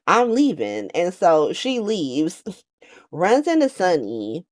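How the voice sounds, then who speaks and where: Lively chatty woman, low voice. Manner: animated, chatty, slangy and profane, laughs often; does quick playful voices for quoted characters. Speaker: soap opera recap vlogger. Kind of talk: casual talk-to-camera recap.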